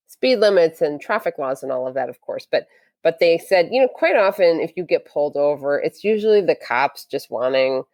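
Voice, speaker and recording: A woman, a podcast guest, telling a story in a casual interview, lively and acting out what people said. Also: sits low, no room sound.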